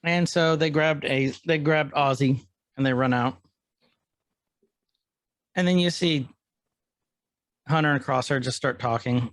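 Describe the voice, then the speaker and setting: A man's voice: fairly high pitch, steady tone, unhurried, long pauses, fairly bright tone, no echo. A man co-hosting a podcast, casually retelling episode scenes and quoting the characters. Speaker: podcast co-host.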